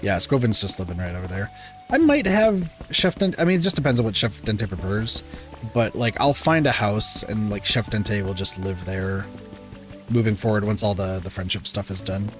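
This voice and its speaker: A man's voice: on the low side, animated, moderate pace, soft background music. A man streaming a life-simulation game, chatting casually and rambling with lots of filler words and self-corrections, sounding a bit sleepy. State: sleepy, yawning. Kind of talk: casual gameplay stream commentary.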